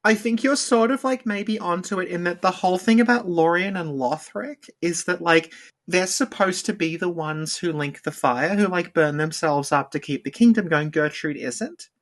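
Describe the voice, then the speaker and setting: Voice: medium pitch, normal speed. A podcast co-host talking through game lore in a casual, rambling way, full of "like" fillers. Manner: rambling, heavy use of "like" fillers.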